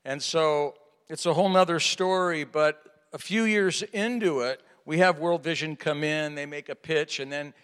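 Animated pastor preaching in a reverberant hall. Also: male voice, fairly high pitch, normal speed, clean tone. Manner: animated storytelling, acts out dialogue. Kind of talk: sermon.

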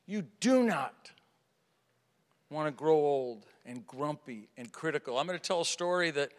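A man preaching a sermon to a live audience, asking rhetorical questions and swinging from hushed to loud. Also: on the high side, lively intonation, a little slow. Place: large hall with an audience. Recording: reverberant hall.

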